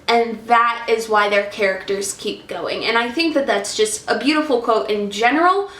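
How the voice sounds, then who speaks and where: Woman book vlogger, fairly high voice, unhurried and gushing, recorded in an echoey room. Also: a bit bright. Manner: effusive, emotional, chatty. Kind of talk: casual book review vlog.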